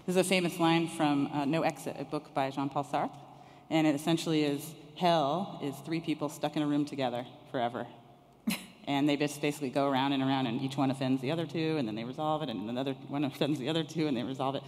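A woman panelist introducing herself and telling a story in a relaxed manner at a conference. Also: sits low, fast. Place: conference room with audience. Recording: echoey conference hall.

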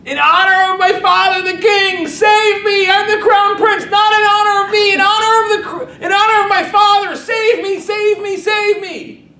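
A man voicing a young, rebellious crown prince who pleads and shouts. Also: very high voice, expressive, normal speed, voice pushed up. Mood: desperate. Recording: echoey room, distant mic, noisy.

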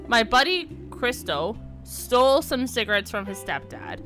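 A woman's voice: on the high side, sing-song, unhurried, a bit bright, soft background music, full character voice. A woman voicing a young girl patient who eagerly rambles about her skateboard and what happened at the skate park. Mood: sheepish.

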